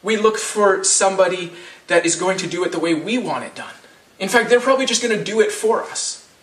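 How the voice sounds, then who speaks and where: Man in his thirties, pastor giving a sermon, chatty restarting delivery, slightly high voice, roomy sanctuary sound. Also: fairly quick, a bit bright, distant mic. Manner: conversational, with frequent restarts and rhetorical "right?".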